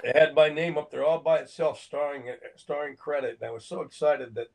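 A man's voice: on the high side, fairly even intonation, a little fast, gravelly, a little mellow, poor audio. An older man from Phoenix, an actor, telling a story in an interview, acting out quotes and laughing between lines. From Phoenix, Arizona, USA. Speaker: actor and guest.

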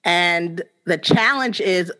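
A woman's voice: fairly low pitch, takes it slowly. A woman in her forties, a teacher, telling stories animatedly in a casual interview, often restarting her sentences. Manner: animated, lively storyteller with frequent restarts. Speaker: teacher, podcast guest.

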